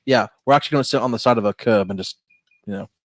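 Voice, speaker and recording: A man's voice: medium pitch, racing, no room sound, studio quality. A man co-hosting a crude, casual comedy chat, joking and slipping into voices. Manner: jokey, slips into a put-on British accent. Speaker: podcast co-host.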